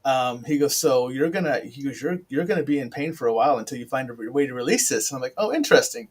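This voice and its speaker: A man's voice: medium pitch, fast talker, husky. Rambling middle-aged man telling a story. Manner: rambling, upfront storytelling with many restarts. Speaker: podcast host. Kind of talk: casual chat.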